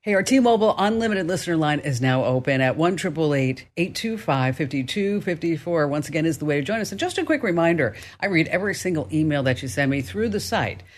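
A woman's voice: sits low, lively intonation, fast talker, few pauses. Chatty woman hosting a call-in radio show. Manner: chatty and self-joking.

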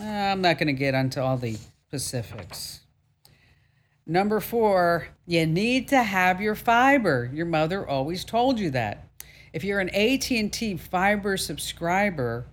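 A woman hosting a radio tech talk show, brassy and jokey, with emphatic delivery and playful asides. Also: on the low side.

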